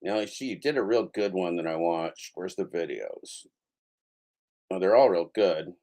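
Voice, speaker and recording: A man's voice: sits low, normal speed, dark tone. A man hosting a livestream, chatting loosely and profanely while reacting to clips. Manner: loose and profane, trailing off mid-sentence. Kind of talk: casual reaction chat.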